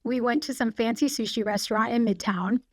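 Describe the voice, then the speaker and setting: A woman in her forties, a podcast guest, telling stories in a quick, chatty way full of "like". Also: a little high, a little mellow, no echo. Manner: chatty, fast storytelling with frequent "like". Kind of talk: casual anecdote telling.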